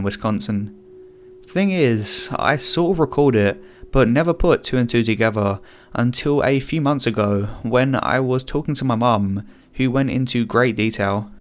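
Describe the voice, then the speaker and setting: A man reading a first-person scary story in a conversational, scripted way. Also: medium pitch. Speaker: guest narrator. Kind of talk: scripted horror story narration.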